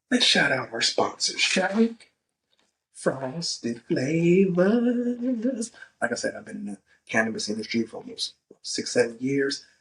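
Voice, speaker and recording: A man's voice: mid-range voice, a bit bright, recorded from a distance, poor audio. A man hosting a podcast in a casual, profane, emphatic monologue, often tagging "right?". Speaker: podcast host.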